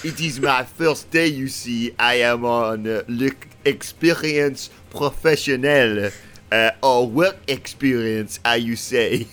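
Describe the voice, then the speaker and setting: A man putting on a halting fake-French crewman. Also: medium pitch, fairly bright tone, clear, resonant tone. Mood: earnest. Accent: put-on French. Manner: halting, formal broken English. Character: fake-French male crewman on his first day.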